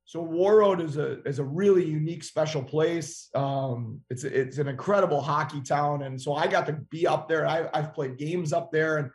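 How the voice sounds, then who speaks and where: A middle-aged man from Minnesota, a hockey head coach guesting on a podcast, answering with animated stories and acted-out dialogue. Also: a little high, normal speed, few pauses. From Minnesota, USA. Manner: animated storyteller who acts out dialogue. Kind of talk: podcast interview.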